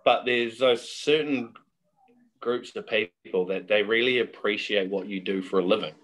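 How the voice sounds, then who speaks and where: A man's voice: lowish voice, moderate pace, fairly bright tone. A middle-aged man, a guest telling chatty, laughing anecdotes in a casual interview.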